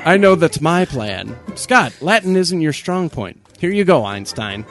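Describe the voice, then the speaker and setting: Guy reading fan mail on a podcast, kinda high voice, bouncy and lively, goofy emphasis. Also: moderate pace, over music. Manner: animated, reads messages aloud with mock emphasis. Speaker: podcast co-host reading listener messages. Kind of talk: casual comedic podcast banter.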